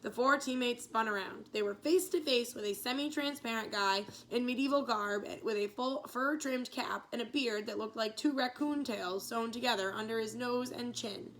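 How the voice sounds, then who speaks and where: A woman teacher reading chapters of a novel aloud, telling the story clearly with small slips. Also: a little high, normal speed, few pauses, slight background noise.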